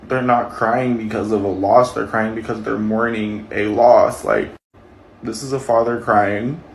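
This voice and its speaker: A man's voice: fairly low pitch, steady tone, unhurried, creaky, slight background noise. A man ranting in a vlog, close to tears, angry and swearing as he speaks. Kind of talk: emotional vlog rant. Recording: echoey room.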